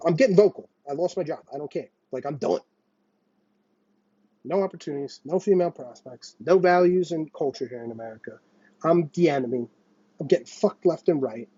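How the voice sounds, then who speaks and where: A young man rants straight into the mic, swearing freely and mimicking other people's voices. His voice is husky and mellow, a little higher than most men's. The sound is dry and dull, as from a cheap mic. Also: no echo. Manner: vents with heavy profanity and mocking quoted voices. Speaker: podcast host. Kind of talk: ranting monologue.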